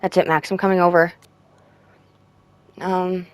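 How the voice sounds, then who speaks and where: Woman streamer reading game texts, lowish voice, dry close mic. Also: level tone, measured pace, clear, resonant tone, dry recording. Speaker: gaming streamer.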